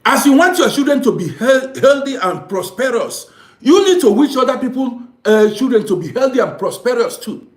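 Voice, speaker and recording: Male commentator, preachy and repetitive, lively delivery, roomy echo. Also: very high-pitched, normal speed. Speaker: social commentator. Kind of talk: impassioned moral monologue.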